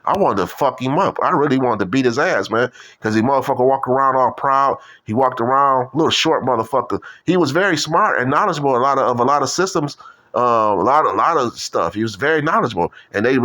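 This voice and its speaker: A man rambles on in a loose, profane monologue. He leans on street slang, repeats himself and keeps circling back. His voice sits at an ordinary middle pitch for a man. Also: lively intonation, fairly quick, bright, forceful tone. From Detroit. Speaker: video commentator.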